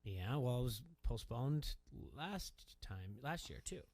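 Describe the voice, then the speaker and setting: A man's voice: medium pitch, big pitch swings, slow, a little mellow. Rambling male sports radio host. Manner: rambling, emphatic, repeats words.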